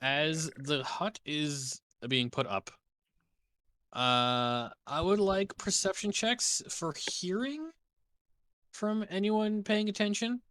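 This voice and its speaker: A man narrating as a dungeon master, taking his time and pausing on fillers as he sets each scene. His voice is bright and smooth. The recording is close and dry, with no room sound. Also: sits high, steady tone, no room sound. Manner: unhurried, halting, with many fillers. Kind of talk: narrating a tabletop game on a live stream.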